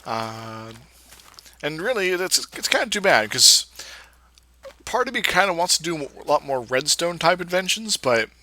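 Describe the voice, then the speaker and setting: A man's voice: fairly high pitch, sing-song, unhurried, pushed and bright. A man giving casual, rambling commentary over his own gameplay, full of fillers and restarts. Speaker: Let's Play creator.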